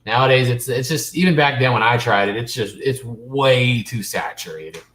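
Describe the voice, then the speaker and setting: A man's voice: medium pitch, moderate pace, fairly bright tone. A man hosting a casual live stream, rambling along and reading viewer comments aloud. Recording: echoey room with faint noise.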